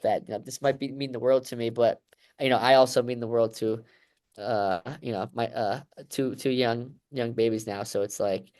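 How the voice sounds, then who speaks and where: A man's voice: medium pitch, darkish tone. A man in his thirties answering interview questions in a reflective, emotional way, rambling with many fillers. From United States. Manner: emotional, rambling, heavy fillers like "you know" and "right". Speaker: guest, Olympic wrestler.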